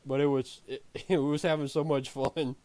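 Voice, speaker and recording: A man's voice: fairly high pitch, level tone, normal speed, a little mellow, no echo. A man streaming, telling a story in a casual way, laughing often and swearing freely.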